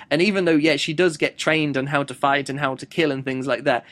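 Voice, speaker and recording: A man's voice: fairly high pitch, steady tone, brisk, a bit bright. A man giving a casual audiobook review, rambling and thinking aloud as he goes. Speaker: book reviewer.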